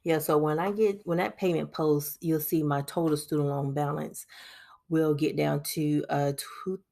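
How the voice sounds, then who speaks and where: A woman's voice: low voice, steady tone, measured pace, creaky, dark tone. A woman, chatting casually to viewers while walking through her monthly budget. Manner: chatty, addresses viewers as y'all, laughs often. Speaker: budgeting vlogger. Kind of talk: casual screen-recorded budget walkthrough.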